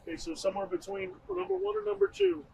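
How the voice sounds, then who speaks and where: A man questioning as an investigator outdoors, in calm, methodical questions. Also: very high-pitched, fast talker, vocal fry, a little hiss or hum, low-quality recording. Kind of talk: questioning interview. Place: outdoors by a roadside.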